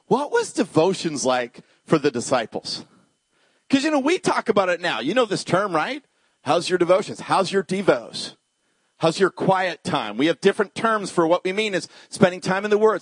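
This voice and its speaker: A male pastor preaching a sermon straight to the congregation, jumping from excited shouted peaks to soft hushed moments. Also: no room sound. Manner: animated preaching, swings from shouted highs to hushed lows; direct address to congregation.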